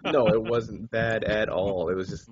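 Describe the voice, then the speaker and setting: A man's voice: on the low side, a little slow, a little hiss or hum. A man from the United States, co-hosting a podcast in casual chat and telling stories full of swearing. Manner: profane, animated storytelling. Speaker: podcast co-host. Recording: dull lo-fi sound.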